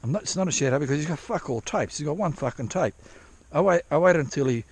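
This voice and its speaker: A man's voice: fairly high pitch, lively intonation, quick pace, husky. A man vlogging outdoors while prospecting for gold in drizzle, rambling casually with lots of swearing and restarts. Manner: rambling, profane, self-interrupting. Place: outdoors at a dig site in drizzle.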